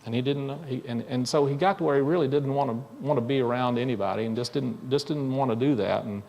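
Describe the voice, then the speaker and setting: Male pastor storytelling, gravelly voice, lots of restarts, long echo in a church hall. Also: mid-range voice, muffled recording. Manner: conversational, halting, many restarts. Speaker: minister. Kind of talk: sermon storytelling. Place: church sanctuary.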